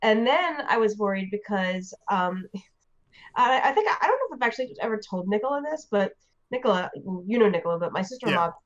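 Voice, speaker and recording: A woman from the United States telling a story in a casual, animated way, full of fillers and restarts. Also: medium pitch, brisk, muffled recording. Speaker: interview guest.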